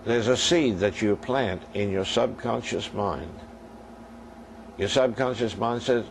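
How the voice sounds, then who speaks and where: Older male preacher with a gravelly voice. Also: medium pitch, a little slow, a little hiss or hum, poor audio. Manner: storytelling preacher acting out dialogue, addressing the congregation directly. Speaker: minister. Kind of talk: sermon.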